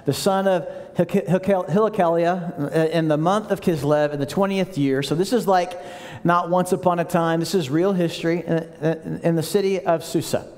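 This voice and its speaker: A man's voice: sits high, fairly even intonation, moderate pace, darkish tone. A male pastor preaching a conversational, storytelling sermon and acting out the lines he quotes. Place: large church sanctuary. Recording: long church hall reverb.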